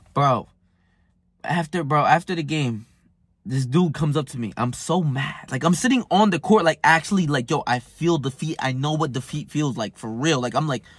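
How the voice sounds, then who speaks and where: A man's voice: medium pitch, fairly bright tone, slightly rough, no echo. A man telling a rambling, profane story in casual chat, heated and full of fillers. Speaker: self-improvement vlogger.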